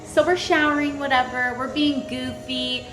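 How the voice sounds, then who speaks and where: A woman's voice: high voice, steady tone, normal speed. A young woman telling a crude, laughing storytime to her vlog audience in a casual way. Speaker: vlogger. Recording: echoey room with faint music.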